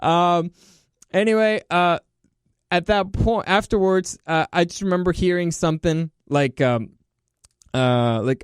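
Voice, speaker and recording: A man's voice: fairly high pitch, a little slow, clear, resonant tone, dry recording, clean studio sound. A young man hosting a podcast, telling stories in a loose, rambling way and laughing as he goes. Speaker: podcast host. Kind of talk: casual Q&A storytelling.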